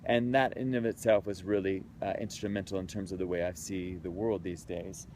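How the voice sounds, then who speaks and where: A man's voice: low-pitched, steady tone, brisk, darkish tone, a little hiss or hum. A man in his thirties, a creativity speaker, telling a personal story in an earnest, heartfelt, conversational way outdoors in a city.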